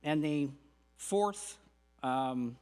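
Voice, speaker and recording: A man's voice: fairly high pitch, lively intonation, extremely slow, darkish tone, clear, resonant tone. A middle-aged man gives an earnest, folksy spiritual lecture with humorous asides as a guest speaker at a spiritual center.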